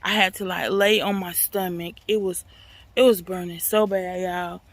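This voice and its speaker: A woman vlogger telling a personal story in a casual, animated way, talking straight to her viewers. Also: fairly low pitch, normal speed, dry recording.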